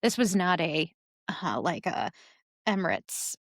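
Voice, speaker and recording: A woman's voice: on the low side, very animated, unhurried, a bit bright, dry recording. Chatty woman podcast co-host, dry sound. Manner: chatty, rambling with many fillers and laughs. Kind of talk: casual chat.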